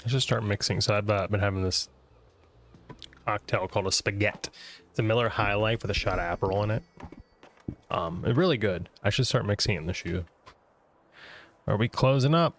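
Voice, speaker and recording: A man's voice: lowish voice, a little fast, long pauses, fairly bright tone. A man giving casual gameplay commentary, sarcastic and swearing heavily in mock irritation. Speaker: gaming streamer.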